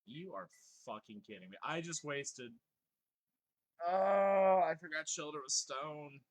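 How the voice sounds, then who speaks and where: A man's voice: fairly high pitch, animated, takes it slowly. A man casually commenting on his gameplay and reading chat aloud, swearing freely, laughing often and joking in mock exasperation. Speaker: live streamer.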